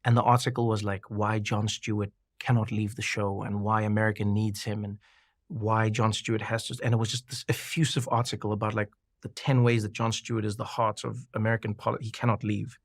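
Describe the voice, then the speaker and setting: A man telling a personal story as a guest in an interview, lively and quick to laugh, often repeating and restarting himself as he gets excited. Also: on the low side, no room sound, studio quality.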